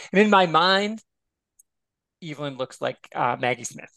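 A man's voice: on the high side, moderate pace, fairly bright tone, no room sound. A man guesting on a podcast, chatting casually and expressively and swearing freely. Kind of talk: casual chat.

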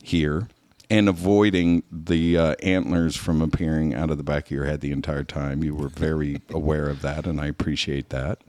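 A podcast host with a very low voice chats with his guest in an easygoing, joking way. His voice sounds dry and close. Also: little pitch movement, normal speed, a little mellow, dry recording. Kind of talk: casual podcast chat.

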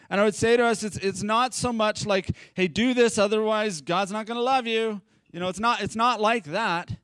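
High, smooth-voiced preacher giving a chatty sermon. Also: male voice, dry recording. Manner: chatty, animated preaching with self-deprecating asides. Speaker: pastor. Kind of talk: conversational sermon. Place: church service streamed live.

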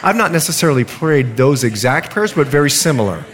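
A man's voice: fairly high pitch, brisk, background noise. A middle-aged male pastor preaching a sermon, telling humorous stories and acting out the voices of people in them. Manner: animated, humorous, acts out quoted voices. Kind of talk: sermon with storytelling.

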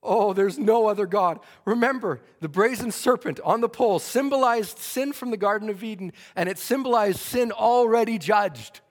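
A man preaching a fervent revival sermon, stammering into restarts and acting out the people in his story. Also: high-pitched. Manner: fervent, stammering restarts, acts out quoted voices. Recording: long church reverb.

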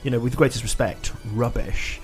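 A man hosts a relaxed radio-style chat, his voice sitting in a middle range. He talks in an easygoing way, with fillers, as he introduces the next segment. Faint music runs quietly behind him. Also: medium pitch, brisk. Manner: relaxed, chatty, hesitant fillers. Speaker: host.

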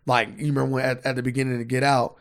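Speaking very fast in a mid-range voice with a level tone, a man co-hosts a podcast. The chat is casual and full of swearing, and he occasionally reads facts aloud from a screen.

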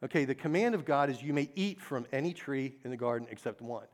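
A man's voice: mid-range voice, lively intonation, brisk. Earnest man preaching a sermon. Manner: earnest, asks the congregation questions, repeats key phrases.

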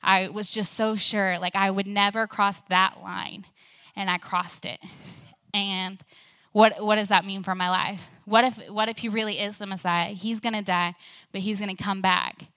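A woman reads a guilt-ridden young male disciple in a bright, clear voice. He speaks in halting, self-questioning bursts as shame weighs on him. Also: mid-range voice, fairly even intonation, no room sound. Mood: ashamed. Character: anxious ashamed male disciple, young adult.

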